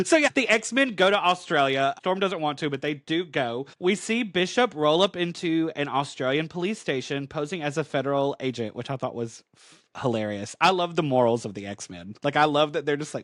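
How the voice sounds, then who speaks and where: A man's voice: on the high side, very animated, normal speed, a bit bright, no room sound, studio quality. A man co-hosting a podcast, giving a chatty, emphatic comic book recap full of "like". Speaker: podcast co-host.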